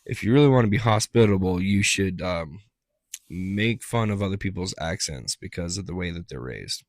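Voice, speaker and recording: A man with a low voice co-hosts a casual podcast, joking and cursing freely. He drifts into playful bits and silly voices. The mic sound is close and dry, with no room around him. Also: expressive, moderate pace, dry recording. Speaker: podcast co-host. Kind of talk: casual chat.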